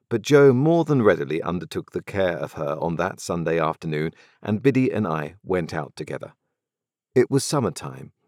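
A man narrating a novel in the first person, measured and reflective. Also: low voice, no echo, studio quality. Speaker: audiobook narrator.

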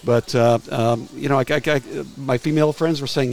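A man's voice: medium pitch, steady tone, gravelly, a little mellow, low-quality recording. A man in his sixties, a retired music publicist, telling anecdotes as a guest in a casual interview and often stumbling over repeated words. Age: 60s. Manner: halting, restarts phrases with frequent repeated words.

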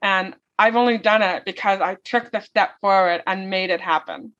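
A woman's voice: medium pitch, normal speed, fairly bright tone. Earnest woman on lo-fi audio. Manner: earnest, heartfelt storytelling. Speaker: guest, motivational speaker. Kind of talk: interview conversation. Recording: dull lo-fi audio.

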